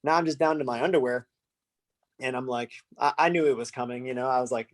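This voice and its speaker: A man's voice: mid-range voice, quick pace. A man from the United States, a musician guest on a podcast, telling a loose, laughing anecdote full of fillers. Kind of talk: casual storytelling.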